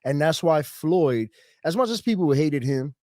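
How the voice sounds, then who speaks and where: A man with a slightly raised pitch joins a casual podcast chat, making his points with emphatic, punchy conviction. His voice sits close and dry on the mic. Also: expressive, normal speed, darkish tone, dry recording. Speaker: podcast co-host.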